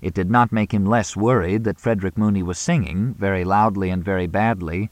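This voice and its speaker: A man narrating a novel in a measured, even reading. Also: low voice, no echo. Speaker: audiobook narrator. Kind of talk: scripted narration.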